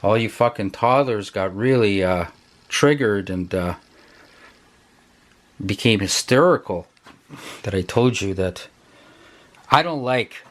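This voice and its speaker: A man's voice: fairly low pitch, animated, slow pace, long pauses. An older man who builds guitars, ranting profanely to his viewers and sometimes dropping into a whisper. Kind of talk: ranting vlog to camera.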